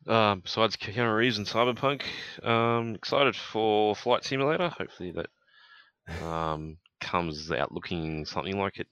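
A man's voice: fairly low pitch, a little slow, fairly bright tone, no room sound. A man on a gaming podcast, laid-back and hesitant, trailing off, on a dull muffled mic. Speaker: podcast co-host. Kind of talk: casual gaming podcast chat.

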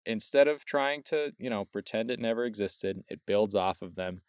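A man's voice: on the low side, no room sound, clean studio sound. Man, podcast co-host, casual film chat, rambling, resonant tone. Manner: rambling, quick restarts, swears casually.

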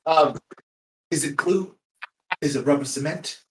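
A man's voice: a little high, a little hiss or hum. A man playing in a tabletop game, chatting in a playful, joking way. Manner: playful, joking, quick to laugh. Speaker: player. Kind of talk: casual tabletop game chat.

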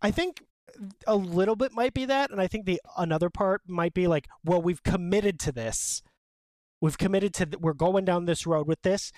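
A man with a fairly high voice, recorded close and dry with no room sound. He chats about comic scenes in an animated, opinionated way and peppers his talk with "like". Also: normal speed, no room sound. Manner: animated, opinionated, many "like" fillers. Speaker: podcast co-host. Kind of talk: casual chat about a manga.

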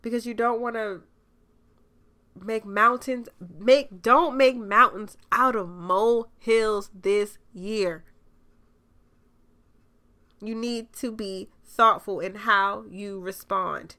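Young adult woman, mid-pitched, podcast host: casual spiritual reading, chatty with fillers, playful dramatic asides. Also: steady tone, slow pace, long pauses, pushed and bright. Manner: loose, conversational, frequent fillers, dramatic asides. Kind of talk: casual spiritual advice monologue.

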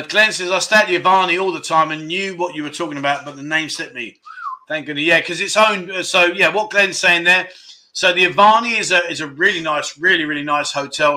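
A man hosting a casual livestream chat, excitedly running through viewers' guesses and reading out their comments. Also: sits high. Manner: excitable, runs through a rapid list of guesses. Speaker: livestream host. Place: his home in Pattaya, indoors.

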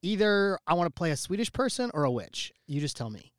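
A man co-hosting a comedy podcast in casual, playful chat. His voice is high and lively, with a wide range of pitch. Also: fairly quick, no room sound, clean studio sound. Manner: playful, joking. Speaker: podcast co-host.

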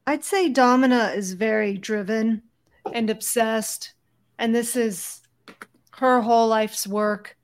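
Brisk higher-voiced woman playing tabletop. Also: clean tone. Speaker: player voicing a character. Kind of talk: tabletop role-play, in and out of character.

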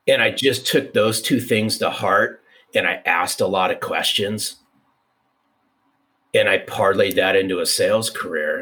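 Deep-voiced storytelling man in his 50s. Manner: animated, restarts, repeats for emphasis. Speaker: guest. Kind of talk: conversational storytelling.

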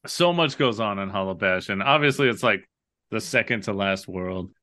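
A man co-hosting a casual gaming podcast, swearing freely and telling stories with animated energy. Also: lowish voice, normal speed. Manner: profane, animated storytelling. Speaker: podcast co-host.

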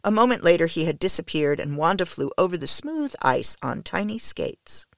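Expressive audiobook narrator, dry sound. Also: mid-range voice, moderate pace, creaky, no room sound. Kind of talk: first-person literary narration.

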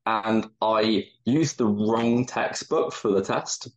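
A man's voice: lowish voice, takes it slowly, crowd noise. A man, a podcast guest, explaining things in a reflective, rambling way. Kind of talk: casual chat. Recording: dull muffled audio.

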